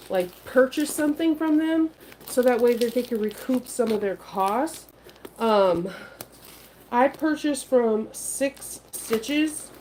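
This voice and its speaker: Casting: woman livestream host, slightly high voice, unwell, rambling chat full of ums, faint noise behind her. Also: mellow, low-quality recording. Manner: chatty, rambling, many ums. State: feeling unwell. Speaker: sewing and craft livestream host.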